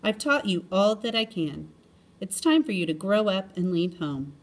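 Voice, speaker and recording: A woman reading the part of a stern mother cat who sends her grown kittens away, in a flat, firm, matter-of-fact voice. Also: medium pitch, moderate pace. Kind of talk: storybook reading.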